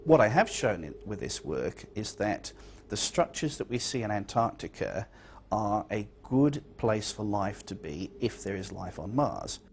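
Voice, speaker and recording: A man's voice: lowish voice, very animated, measured pace, slight background noise. A man, a scientist, answering interview questions thoughtfully with occasional fillers.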